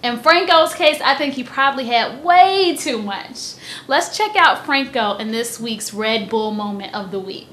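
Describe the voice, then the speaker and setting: A woman hosting a highlights show, presenting the picks in an upbeat, lively way. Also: measured pace, reverberant. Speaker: host.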